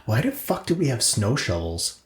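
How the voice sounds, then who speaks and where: A man chatting loosely as a podcast co-host, his voice pitched in an ordinary middle range. He rambles, laughs a lot and acts out what people said. The room around him rings with echo. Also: big pitch swings, moderate pace. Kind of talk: casual chat.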